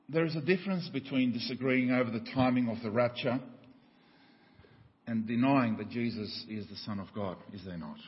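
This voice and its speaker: A man with an Australian accent, a pastor preaching a sermon in a church, telling a joke with rising excited voices. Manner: preaching with a joke, voices climbing high in the tale. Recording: dull church recording with long reverb.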